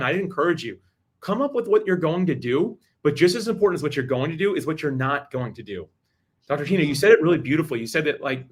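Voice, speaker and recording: A man speaks quickly and emphatically as a guest on a podcast, his voice sitting a little above the usual male pitch. He often restarts his phrases as he pushes his point along. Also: breathy edge. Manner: rapid, emphatic, many restarts. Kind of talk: energetic advice talk.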